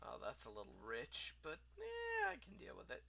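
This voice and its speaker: A man's voice: lowish voice, sing-song, a little fast, gravelly, sharp tone, breathy edge, low-quality recording. A man hosting a game playthrough, commenting casually with wry, offhand humor. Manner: wry, offhand, self-mocking. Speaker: let's play host.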